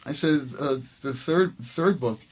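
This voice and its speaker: A man's voice: on the high side, a little slow. A man, a jazz trumpet player, telling a story in casual conversation, acting out the dialogue and laughing often. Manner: animated, acts out quoted dialogue, laughs often. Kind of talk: casual anecdote in an interview.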